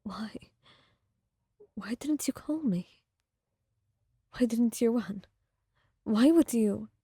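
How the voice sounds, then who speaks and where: A woman's voice: a little high, expressive, very slow, warm tone, breathy edge, no echo, studio quality, full character voice. Arlecchino, a woman whispering as a stern woman breaking. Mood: desperate. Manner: trembling, pleading whisper. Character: stern powerful woman, shaken and grieving. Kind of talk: whispered role-play.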